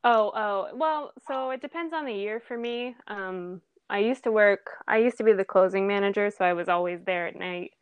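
A young woman chats easily about her work, animated and quick to laugh. Her voice sounds dry and close, with no room around it. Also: mid-range voice, smooth, dry recording. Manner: laughs often, chatty and animated. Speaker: restaurant manager. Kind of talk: casual chat.

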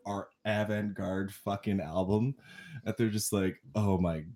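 A man's voice: lowish voice, flat delivery, a little slow, a little mellow. A man co-hosting a casual music podcast, rambling with lots of fillers, laughing and swearing as he talks. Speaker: podcast co-host. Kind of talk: casual chat.

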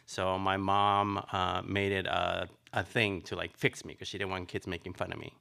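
A middle-aged man from Nicaragua telling his life story in an interview, chatty and animated, with lots of fillers. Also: low-pitched, normal speed, gravelly. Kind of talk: personal storytelling.

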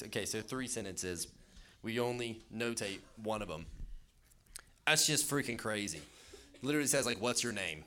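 A man preaching a casual sermon, talking in an animated way with lots of fillers. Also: fairly low pitch, normal speed, long pauses. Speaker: youth pastor. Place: church hall with an audience.

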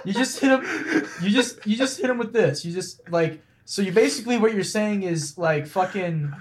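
A man co-hosting a casual podcast chat, telling stories in a profane, excitable way. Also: high voice, moderate pace. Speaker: podcast co-host.

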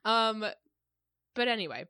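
A woman's voice: fairly high pitch, expressive, unhurried, bright, forceful tone, clear, resonant tone. A woman co-hosting a podcast, chatting casually in a rambling way full of fillers. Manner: rambling, filler-heavy, laughs often. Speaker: podcast co-host. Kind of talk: casual chat.

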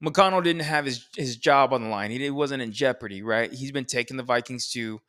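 Man with a smooth voice talking football. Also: mid-range voice, a little fast, a bit bright. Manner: rambling, profane, opinionated. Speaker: podcast co-host. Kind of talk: casual sports chat.

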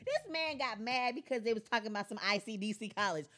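A woman's voice: medium pitch, animated, fast talker, fairly bright tone. A woman co-hosting a podcast, giving blunt, opinionated takes in casual chat. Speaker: podcast co-host.

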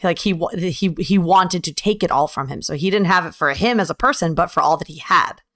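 A woman in casual chat, telling animated stories and acting out what other people said. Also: fairly low pitch, a little fast, no room sound, clean studio sound. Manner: animated storyteller, acts out quotes.

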